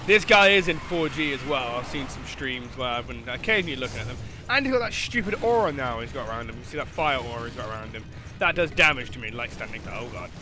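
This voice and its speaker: A man giving casual gameplay commentary, excitable, often laughing and shouting at near misses. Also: mid-range voice, quick pace. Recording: game music playing loudly underneath.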